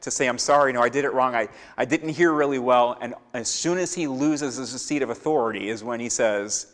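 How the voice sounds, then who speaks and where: A man's voice: medium pitch, a little fast, hardly any pauses. A man teaching a Bible lesson in a church, acting out the lines of biblical characters as he tells the story. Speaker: Torah teacher. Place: church sanctuary. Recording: echoey hall with long reverb.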